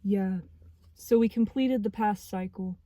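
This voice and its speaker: A young woman in her twenties giving a spiritual tarot reading, speaking earnestly and haltingly as she searches for words. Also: mid-range voice, dark tone. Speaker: tarot reader.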